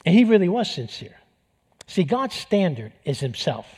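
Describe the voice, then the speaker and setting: A man with a New York accent preaching a sermon, animated and building to emphatic peaks. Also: high-pitched, normal speed, slightly rough. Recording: long hall reverb.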